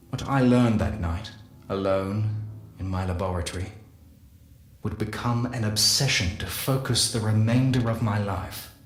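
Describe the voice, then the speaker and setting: An actor playing a solemn male scientist narrating a game audio journal, measured and confessional. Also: on the low side, natural voice. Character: solemn male scientist recounting guilty secrets. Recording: echoey voice with faint music.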